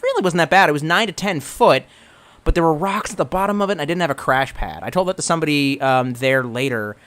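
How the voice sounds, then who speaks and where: A man speaking quickly in a higher-leaning voice reads chat aloud while casually livestreaming. He rambles, curses, stammers through false starts, and alternates between excitement and gloominess.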